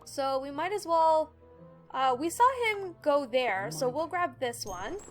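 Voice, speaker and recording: Brief: female let's play host, high voice, chatty walkthrough commentary, faint game music behind. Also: lively intonation, unhurried. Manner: chatty, explains controls and reads tutorial text aloud. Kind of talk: casual gameplay commentary.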